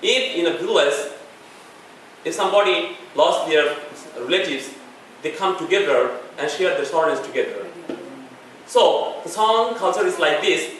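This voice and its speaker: A man's voice: on the high side, animated, a bit bright, slight background noise. Bangladeshi man speaking in an echoey hall. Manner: earnest, halting, with restarts and chuckles. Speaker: guest speaker. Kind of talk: public talk with slides. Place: lecture hall. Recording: echoey hall, far from the mic.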